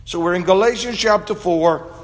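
A man preaching a sermon and reading scripture, with a measured, emphatic delivery. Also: sits high. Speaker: pastor. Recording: long reverb of a large hall.

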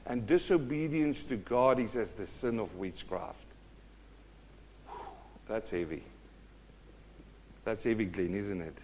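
A man preaching a sermon, telling stories in an animated way. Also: lowish voice, takes it slowly, long pauses, a little hiss or hum.

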